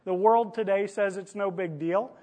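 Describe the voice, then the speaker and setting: High-voiced man preaching a story-filled sermon. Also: normal speed, mellow. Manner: conversational storytelling preacher, acts out quoted lines.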